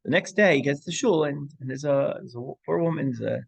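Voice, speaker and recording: A man's voice: on the high side, brisk, creaky, husky, no room sound. A man teaching an informal Torah class, telling a story with many restarts and asides, and mixing Hebrew and Yiddish terms into English.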